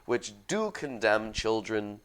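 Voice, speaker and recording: A man's voice: lowish voice, sing-song, takes it slowly, a bit bright, clean tone. A man co-hosting a casual discussion, making wry, analytical points.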